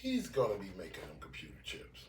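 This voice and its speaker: A man co-hosting a casual talk show, blunt and profane, talking in an animated way. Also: deep voice, brisk, slight background noise. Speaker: podcast co-host. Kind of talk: casual chat. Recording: echoey room, mic at a distance.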